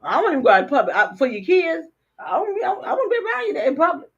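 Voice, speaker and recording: An older woman co-hosting a casual talk show, blunt and animated, often stammering and repeating words. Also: very high-pitched, fast talker. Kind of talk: casual political chat. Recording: dull lo-fi stream audio.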